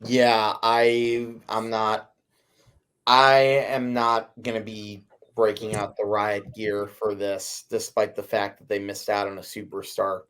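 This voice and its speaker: Male sports podcast co-host, low-ish voice, calm, a little weary. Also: clear, resonant tone. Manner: measured, a little tired, yawning. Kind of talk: sports talk debate.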